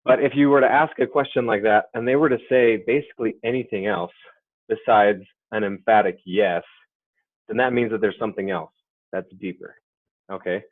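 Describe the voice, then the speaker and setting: Low-voiced man on a tinny webinar line. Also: normal speed, no room sound. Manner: conversational, often adds "right?" and "okay?". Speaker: sales trainer. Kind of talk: webinar training talk. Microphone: computer or headset mic on a webinar. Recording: dry, phone-like webinar audio.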